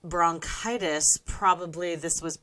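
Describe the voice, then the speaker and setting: A woman's voice: fairly low pitch, fairly even intonation, takes it slowly, bright, forceful tone. A woman co-hosting a podcast from an attic. She chats playfully and makes dry asides. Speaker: podcast co-host. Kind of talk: casual chat.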